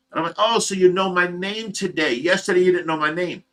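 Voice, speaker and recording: A man with an Ohio accent hosting a livestream, telling a long personal story in a rambling, animated way and acting out the voices of the people in it. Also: a little high, a little fast, hardly any pauses. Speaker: livestream host. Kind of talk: casual storytelling.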